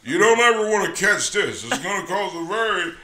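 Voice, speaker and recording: A man hosting a podcast, telling a story in a profane, animated way and laughing often. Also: high-pitched, brisk, reverberant, a crowd in the background. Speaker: podcast host. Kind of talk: casual storytelling.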